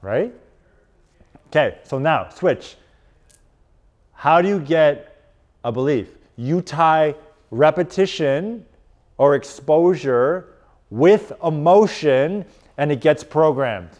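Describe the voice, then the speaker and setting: A man coaching a live audience in a casual, animated presentation. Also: a little high, slow, long pauses. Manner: casual and animated, lots of "like" and "right?". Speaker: strength and performance coach. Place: conference room.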